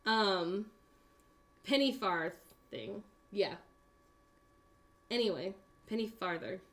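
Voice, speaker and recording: A young woman from the United States chats casually while crafting on a stream. She rambles through a long, silly story, stopping often for fillers and small laughs. Her pitch sits in an ordinary middle range. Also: takes it slowly, a bit bright. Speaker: co-host.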